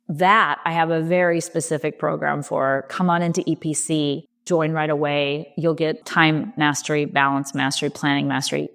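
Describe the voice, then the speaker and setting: A middle-aged woman coach hosting a podcast, talking gently and reassuringly in short, unhurried phrases. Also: deep voice. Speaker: leadership coach and podcast host. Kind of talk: reflective solo podcast talk.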